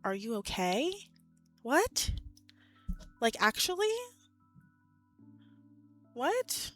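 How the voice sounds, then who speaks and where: A young woman in her twenties chatting casually with her live chat as a streamer, animated and full of "like"s and laughs, a bit out of breath. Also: fairly high pitch, extremely slow, faint music behind.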